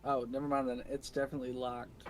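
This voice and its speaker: A man in his thirties playing a tabletop game, drowsy and deadpan. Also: mid-range voice, fast talker. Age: 30s. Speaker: player. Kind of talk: casual chat in a tabletop game.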